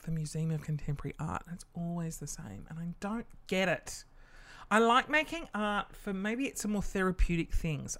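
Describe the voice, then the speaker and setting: A podcast host telling a casual story, chatty and loose, swearing freely and acting out the people in it. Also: mid-range voice.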